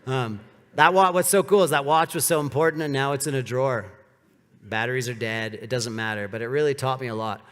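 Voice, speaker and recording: A man giving a casual, animated storytelling talk on stage, with many "like" fillers. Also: mid-range voice, brisk, clear, resonant tone. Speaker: speaker giving a live talk. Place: large hall with an audience. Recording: reverberant hall.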